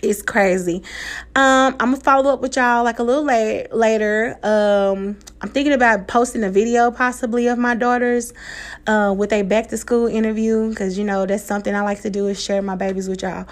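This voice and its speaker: A woman's voice: on the high side, fairly even intonation, normal speed. A woman in her thirties with an African American Vernacular English accent, hosting her own podcast in a candid, emotional monologue, swearing freely and laughing often. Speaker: podcast host. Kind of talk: casual personal podcast monologue.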